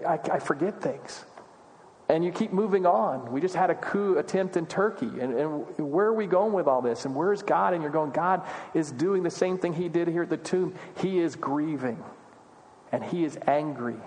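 A man's voice: medium pitch, darkish tone. A man preaching a sermon as pastor, earnest and conversational, often asking questions aloud. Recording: long reverb of a large hall.

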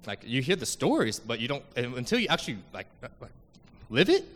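A man's voice: mid-range voice, sing-song, fast, fairly bright tone, in a large hall. A young man giving an earnest, emotional church testimony about a mission trip, full of fillers and restarts.

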